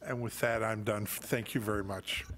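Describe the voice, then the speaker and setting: A middle-aged man speaking as a council member at a city meeting, folksy and joking as he addresses staff. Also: fairly low pitch.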